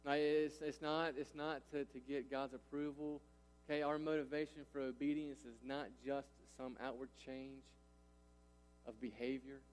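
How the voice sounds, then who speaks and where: A pastor in his thirties preaches with a mid-range voice, flat delivery and normal speed, recorded with long hall reverb. He is emphatic and keeps engaging listeners by repeating "right?" and "listen."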